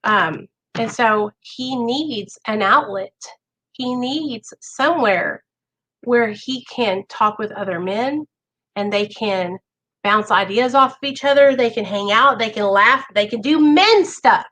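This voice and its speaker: A woman's voice: on the high side, takes it slowly, sharp tone, rough recording. A woman talking to camera in a casual, earnest way, coaching viewers through recovery, often checking in with "okay?" and many "like" fillers. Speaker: vlogger sharing recovery advice. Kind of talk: casual advice talk to camera.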